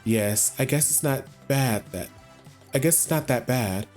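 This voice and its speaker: A man's voice: medium pitch, a little slow, darkish tone. A man streaming a story game, reading the characters' lines aloud with short asides of his own. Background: faint game music.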